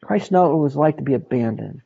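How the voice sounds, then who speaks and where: Emphatic male Bible teacher, mellow voice. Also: fairly high pitch, animated, fast, creaky, husky. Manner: emphatic, repeats words for stress. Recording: dull lo-fi recording.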